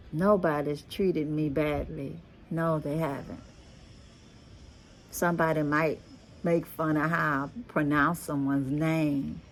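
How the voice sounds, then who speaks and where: A middle-aged woman with a Texas Creole accent, a blend of Louisiana and Galveston, talks to her viewers in a low, unhurried voice. She draws out her words and keeps calling them "y'all". A faint outdoor hum sits behind her. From Texas, USA. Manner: slow, drawn-out talk, often saying "y'all". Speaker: vlogger. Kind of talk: casual chat to viewers. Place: rooftop outdoors.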